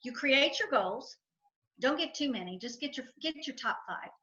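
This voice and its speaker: A woman's voice: high voice, lively intonation, normal speed, pushed and bright, highs cut off. A middle-aged woman, a guest in an interview, speaking emphatically and repeating her points for effect as she tells stories. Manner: emphatic, repetitive, storytelling with acted quotes. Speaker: guest, financial advisor and entrepreneur. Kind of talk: enthusiastic interview talk.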